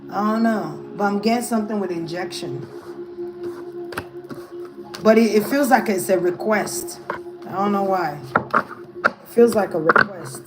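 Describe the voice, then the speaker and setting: A woman's voice: mid-range voice, unhurried, pauses often, low-quality recording. Musing woman tarot reader over music. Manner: hesitant, musing, thinks aloud. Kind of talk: casual tarot reading monologue.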